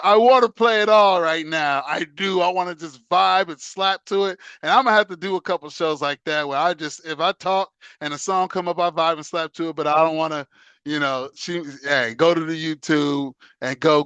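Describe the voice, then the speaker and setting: A man hosting a casual chat show, talking loosely in slang and laughing as he goes. His voice is bright and sits a little high. The recording is close and dry. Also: clear, resonant tone, no room sound. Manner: loose slangy talk, laughs, sings along. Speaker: host.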